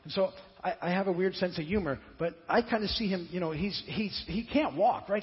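A male pastor with a high-pitched, brisk voice preaches in a church sanctuary, retelling a story conversationally while often stammering and repeating words. The recording is dull and lo-fi, with long reverb.

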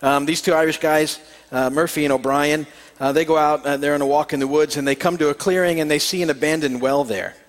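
A man's voice: on the high side, fairly even intonation, fairly quick, in a large hall. A man preaching a sermon as a pastor, folksy and hesitant with many fillers, telling a joke and reading scripture.

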